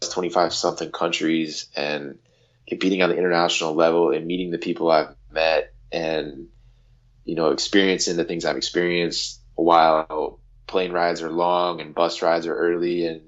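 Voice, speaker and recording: A man in his thirties from the United States, a guest on an interview show, telling a story in a casual, lively way and acting out quotes. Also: sits low, lo-fi sound. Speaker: guest, handball athlete.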